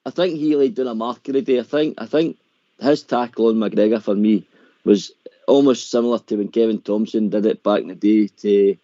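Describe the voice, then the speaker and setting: Man, phone-in host, mellow voice, dry lo-fi sound. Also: on the low side, fairly quick, dry recording. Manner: chatty, calls people mate. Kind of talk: casual phone-in chat. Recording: dull dry lo-fi line.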